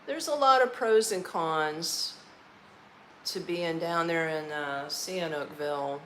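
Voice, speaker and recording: Woman, from Florida, tired, talks slow with a lowish voice, faint room hum; live-stream host. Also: rough recording. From Orlando, Florida, United States. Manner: chatty, loose, laughs often, folksy slang. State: tired, eating while talking. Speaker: vlogger hosting a live stream. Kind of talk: casual live-stream chat. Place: her apartment, indoors.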